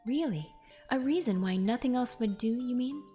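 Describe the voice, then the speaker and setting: A woman voicing a polite, gentle young woman assistant while reading game dialogue aloud, in a soft and formal way. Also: a little high, animated, normal speed, faint music behind, pitched above the performer's own voice, natural voice.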